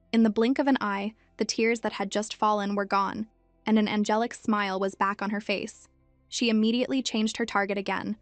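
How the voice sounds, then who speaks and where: A woman narrating a story recap in an even, measured storytelling manner. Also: mid-range voice, dry recording.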